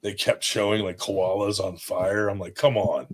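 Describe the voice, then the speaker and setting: Low-voiced man, loose swearing podcast chat. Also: flat delivery, moderate pace. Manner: loose, swears freely, rambling. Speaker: podcast host. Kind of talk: casual chat.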